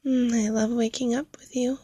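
A woman's voice: on the high side, little pitch movement, normal speed, warm tone, breathy edge, dry recording. A woman speaking in an intimate whispered role-play, murmuring and sighing between phrases.

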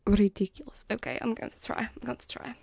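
A woman's voice: a little high, fairly even intonation, fast talker, creaky, a little mellow, husky. A woman whispering through a live stream, giggly and self-deprecating as she chats. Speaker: ASMR streamer.

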